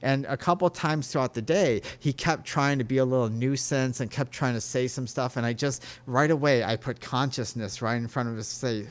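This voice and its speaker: A man's voice: medium pitch, normal speed, few pauses. A man hosting a podcast, talking in an earnest, rambling way about spirituality and telling stories. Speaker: podcast host. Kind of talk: casual spiritual talk.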